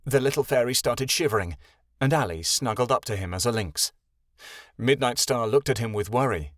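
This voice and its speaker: A male narrator reads a fantasy audiobook with expressive storytelling. His middle-pitched voice moves in a lively way, and the recording is dry and close. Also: moderate pace, no room sound. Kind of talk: scripted narration.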